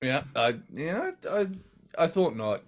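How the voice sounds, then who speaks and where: A man co-hosting a casual music ranking talk show, laid-back and quick to laugh, with lots of filler words. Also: medium pitch, sing-song. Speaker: podcast co-host.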